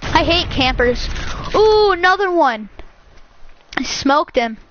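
Woman, casual gaming commentary, chatty, repeats herself, high voice, faint hiss. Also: takes it slowly. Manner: chatty, excitable, repeats words. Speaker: gaming channel host. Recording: muffled lo-fi sound.

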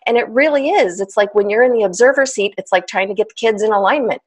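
A woman, a trauma specialist explaining ideas as a podcast guest, animated and laughing often. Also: mid-range voice, quick pace, breathy edge. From United States. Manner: animated, laughs often, acts out inner voices.

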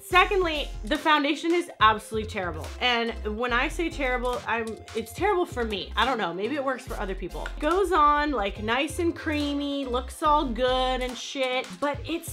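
A woman talking to camera as a beauty vlogger, giving a blunt, animated product review and swearing when annoyed. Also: high-pitched, normal speed, hardly any pauses, soft background music.

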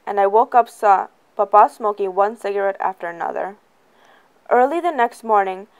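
A woman reading a first-person novel aloud in a plain, even way. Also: mid-range voice. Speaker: reader.

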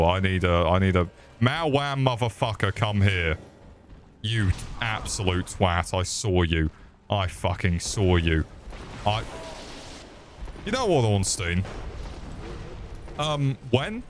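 A man's voice: low voice, takes it slowly, long pauses, faint music behind. A young man giving sweary, jokey live commentary while playing a game, yelping when things go wrong. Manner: sweary, jokey, yelps in panic. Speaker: streamer.

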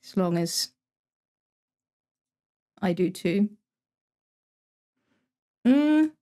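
During a relaxed game stream, a young woman from the Netherlands reads her live chat out loud and responds with wry remarks in a Dutch accent. She speaks very slowly in an animated, mellow, mid-range voice.

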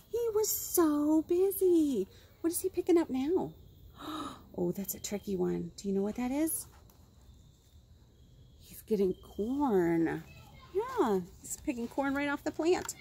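Lively, animated woman reading storytime. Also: a little high, husky. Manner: animated, gasps often, asks the listener questions. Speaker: children's librarian. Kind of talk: storytime reading picture books to young children.

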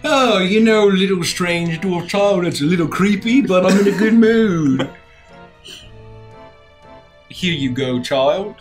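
A man with a high voice playing a tabletop game, theatrical and playful. He speaks slowly and without hurry. Clear music plays behind him. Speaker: player.

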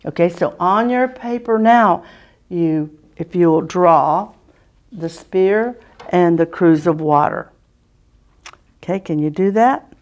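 A woman teaching a children's Sunday school lesson, patiently asking the children questions and often clearing her throat. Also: fairly low pitch, takes it slowly, long pauses, a little mellow, lo-fi sound.

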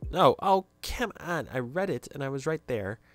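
Excitable young man commentating a game. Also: medium pitch, moderate pace, faint music behind. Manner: excitable, jokey, reacts loudly to plays. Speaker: gaming YouTuber. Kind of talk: casual video game commentary.

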